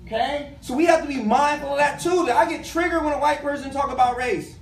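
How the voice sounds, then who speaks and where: A man's voice: very high-pitched, fast talker, a little hiss or hum. A man giving a community talk to a live audience as a guest speaker, speaking emphatically and colloquially and addressing the crowd directly. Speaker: guest speaker, education professor. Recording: echoey room, mic at a distance.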